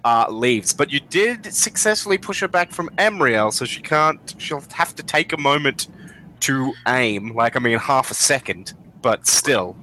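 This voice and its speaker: Unhurried male game master, bright voice, easy filler-laden narration. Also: mid-range voice, lively intonation, slight background noise, low-quality recording. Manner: casual, drawn-out narration with fillers.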